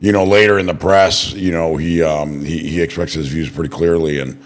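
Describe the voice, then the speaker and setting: A man's voice: deep voice, fairly even intonation, normal speed. A man hosting a casual political podcast, talking bluntly with plenty of swearing. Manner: blunt and profane. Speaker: podcast host.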